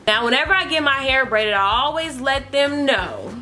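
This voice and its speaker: A woman's voice: high-pitched, big pitch swings, moderate pace, hardly any pauses, sharp tone, faint music behind. A young woman vlogger telling a storytime in a chatty, exasperated way with lots of fillers. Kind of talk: storytime vlog.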